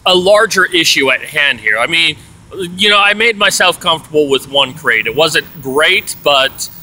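A man's voice: on the high side, sharp tone, poor audio. A man telling an aggrieved story in a rambling, casual rant, full of "you know"s. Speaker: vlogger.

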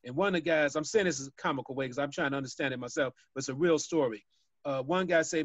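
A man's voice: a little high, quick pace, dry recording. A man from Chicago telling street stories as a guest speaker on a webinar, folksy and chuckling as he goes. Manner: folksy storyteller, laughs at his own tales. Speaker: violence prevention guest speaker. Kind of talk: storytelling on a webinar. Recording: dull dry video call audio.

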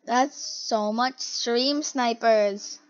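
A young person giggling and gasping while reacting to game clips in a try-not-to-laugh challenge. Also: female voice, a little high, very slow, muffled recording. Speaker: video reactor.

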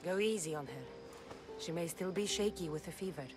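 An actress playing a calm, steady young female mercenary in a video game cutscene. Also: fairly low pitch, a little fast, over music, natural voice. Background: game score.

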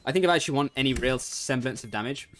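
A young man giving casual, profanity-laced commentary on his own ranked game. He switches between chatting and play-by-play and breaks into excited outbursts. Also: very fast. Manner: swears freely, jumps between chat and play-by-play; bursts into excited high outbursts. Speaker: gamer streaming ranked play.

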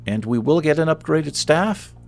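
A man's voice: fairly high pitch, lively intonation, normal speed, vocal fry, a little mellow, soft background music. A man hosting a let's play, chatting casually and thinking aloud with a self-deprecating streak as he plays. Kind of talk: casual gameplay commentary.

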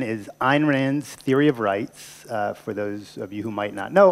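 A man giving a public lecture in a conversational, emphatic way, often asking his listeners rhetorical questions. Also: mid-range voice. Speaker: guest lecturer. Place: university lecture room.

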